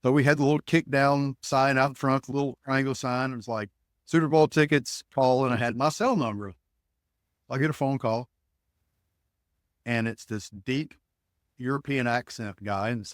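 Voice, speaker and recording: Animated middle-aged man telling a story. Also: medium pitch, moderate pace, no echo, studio quality. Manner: animated storyteller acting out quoted voices. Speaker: podcast guest, ticket broker. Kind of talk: storytelling in conversation.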